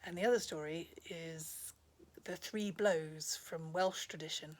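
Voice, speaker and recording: A woman's voice: deep voice, steady tone, a little slow. Chatty woman telling stories. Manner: chatty, with many ums and asides. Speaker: storyteller. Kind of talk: casual storytelling vlog.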